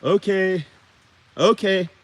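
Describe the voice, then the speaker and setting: Loud cagey woods stranger, high-pitched, Mexican American accent, slangy, as a man puts him on. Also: fairly even intonation, slow pace. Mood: guarded. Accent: put-on Mexican American. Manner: street slang, calls listener "Holmes". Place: woods outdoors.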